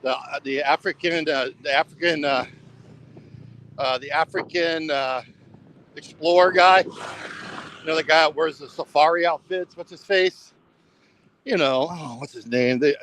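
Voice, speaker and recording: A man's voice: a little high, normal speed, fairly bright tone, a little hiss or hum, poor audio. A man rambling casually for a travel vlog while walking along a road at night, repeating himself and saying "bro" a lot. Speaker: travel vlogger.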